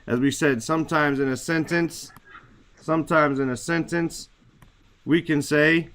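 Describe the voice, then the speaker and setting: A man's voice: fairly high pitch, fairly even intonation, a little slow, fairly bright tone, a little hiss or hum. A man teaching a class, talking casually and searching for words, often checking with "right?". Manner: searching for words, many fillers; repeats "right?" to check understanding. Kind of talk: classroom explanation.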